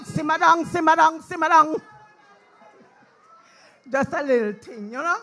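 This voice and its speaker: A woman's voice: high voice, measured pace, fairly bright tone, low-quality recording. A woman speaking at an outdoor political rally, rousing the crowd with call-and-response. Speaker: rally speaker, party supporter. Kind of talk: rally speech.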